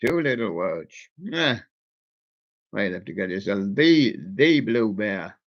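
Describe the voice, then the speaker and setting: Slow-talking man hosting a lo-fi show. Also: medium pitch. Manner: chatty, playful, talks to soft toys and does their voices. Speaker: radio show host. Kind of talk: casual radio chat. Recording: dull lo-fi sound.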